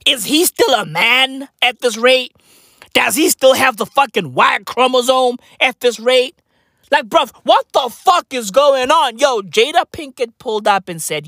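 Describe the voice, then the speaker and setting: A man hosting a podcast, ranting in a solo commentary, profane and emphatic, often breaking into shouts. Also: very high voice, very animated, a little slow, dry recording, studio quality. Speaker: podcast host.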